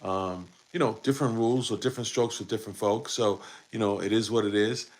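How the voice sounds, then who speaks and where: A man's voice: lowish voice, steady tone, fairly quick. A man hosting a live post-game basketball show, talking in a rambling way with many fillers and restarts. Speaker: podcast host.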